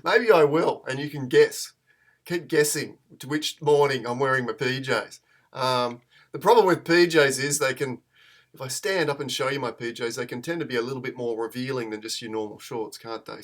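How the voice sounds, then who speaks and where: A man's voice: mid-range voice, normal speed, fairly bright tone. A man, chatting in a rambling, self-deprecating way as he hosts a live photo-editing tutorial stream.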